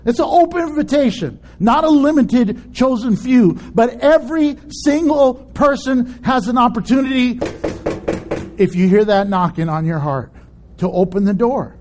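A male pastor preaching a sermon in an animated way, laughing often and acting out voices in his stories. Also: very high voice, moderate pace, slight background noise.

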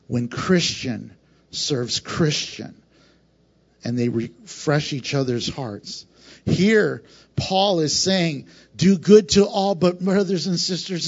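A man preaching a sermon, swinging between emphatic loud lines and hushed, quieter passages. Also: high-pitched, breathy edge. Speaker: pastor. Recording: dull lo-fi sound.

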